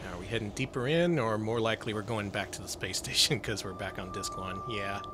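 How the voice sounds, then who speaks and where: A man's voice: on the low side, a little fast, background noise. A man co-hosting a casual gameplay chat, joking, laughing often and swearing freely. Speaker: co-host playing a game.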